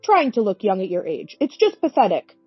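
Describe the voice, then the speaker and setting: A woman's voice: mid-range voice, sing-song, fairly quick, breathy edge, no echo, faint music behind. A woman voicing a scornful, domineering middle-aged husband in a storybook-style reading, with a sneering, irritable manner. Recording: dull lo-fi recording.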